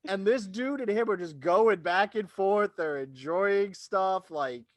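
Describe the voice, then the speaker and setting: A man's voice: high voice, measured pace, no room sound. A man hosting a gaming podcast in casual chat with friends, telling stories in a rambling, stop-start way. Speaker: podcast host.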